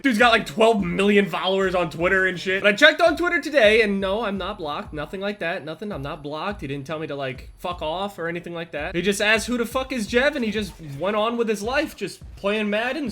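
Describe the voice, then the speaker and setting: Animated young man, high lively voice. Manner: animated, profane, wildly swinging loudness. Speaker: YouTuber. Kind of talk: storytelling vlog.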